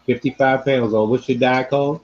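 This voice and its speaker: A man hosting a casual sports-talk podcast, animated and repeating phrases for emphasis. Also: medium pitch, a little fast, dull audio. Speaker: podcast host.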